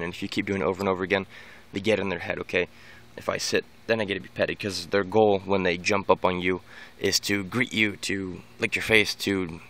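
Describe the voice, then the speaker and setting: A low, creaky, fairly bright male voice carries this casual vlog about training his dog. As a dog owner giving tips off the cuff, he rambles, frequently restarting and repeating words.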